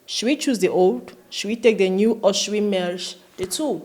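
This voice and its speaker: A woman's voice: mid-range voice, a little mellow. Earnest woman vlogger giving her opinion. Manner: earnest, emphatic, slows down to stress points. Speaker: commentary vlogger. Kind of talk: opinion commentary.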